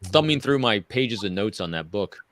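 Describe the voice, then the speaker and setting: Quick man reading out notes, dry sound. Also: fairly low pitch, lively intonation, fairly bright tone, dry recording. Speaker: podcast co-host. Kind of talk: casual panel chat.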